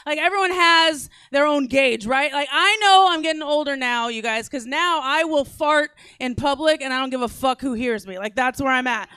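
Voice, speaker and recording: A woman's voice: sits high, expressive, brisk, few pauses, sharp tone, dry recording. A woman in her forties doing a brash, crude stand-up set on a comedy club stage, teasing the crowd.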